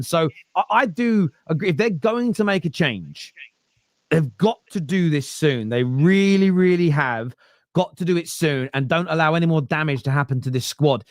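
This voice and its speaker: A man hosting a casual football fan podcast, talking in an animated way and often tripping over his words. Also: a little high, moderate pace, dry recording, studio quality. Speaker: podcast host.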